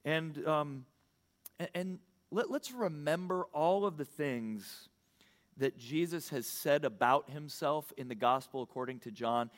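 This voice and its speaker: A man preaching a sermon as pastor, earnest and halting, often restarting his sentences. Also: a little high.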